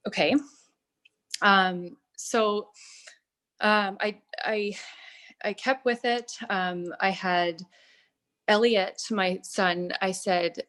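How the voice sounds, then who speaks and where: A woman in her thirties telling her personal story in a testimonial, earnest and halting, with many fillers and restarts. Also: mid-range voice. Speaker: product testimonial speaker.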